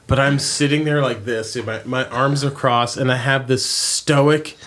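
A man's voice: medium pitch, steady tone, unhurried, fairly bright tone. A young adult man telling a long story in casual chat, rambling, restarting sentences and swearing freely.

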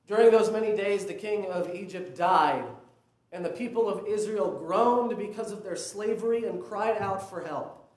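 A man's voice: fairly high pitch, a little mellow, roomy sound. A young man preaching a conversational sermon that builds to emphatic peaks. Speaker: pastor.

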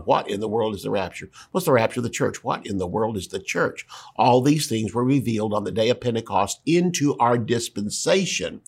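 A man's voice: mid-range voice, slightly rough. A man pastor teaching through scripture in a plain, explanatory sermon voice, reading verses aloud.

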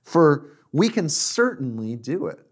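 A man's voice: on the high side, big pitch swings, slow pace, husky, full character voice. A man preaching voices a bold, confident male scout who urges the people on in a raised, rallying tone.

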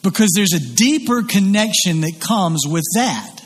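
High, husky-voiced preacher in a reverberant hall. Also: male voice, animated, a little slow. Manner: earnest, emphatic preaching with repeated restarts. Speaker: pastor. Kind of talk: sermon.

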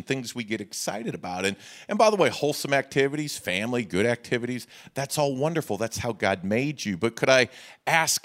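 A man's voice: medium pitch, fairly bright tone. A middle-aged man, a pastor preaching a sermon with folksy humor and rhetorical questions to the congregation.

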